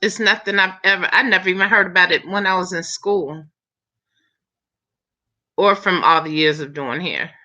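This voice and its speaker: A lower-pitched woman with a bright, forceful edge to her voice, hosting a relaxed live chat with her viewers. She chats freely and laughs often. The stream audio sounds dull and lo-fi. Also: normal speed, pauses often. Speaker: live chat host, hairstylist.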